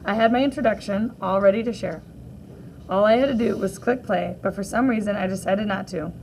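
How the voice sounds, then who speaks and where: A woman teacher reading a graphic novel aloud to children, gently reading out the captions and sound effects too. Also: medium pitch, a little fast, creaky, slight background noise, low-quality recording.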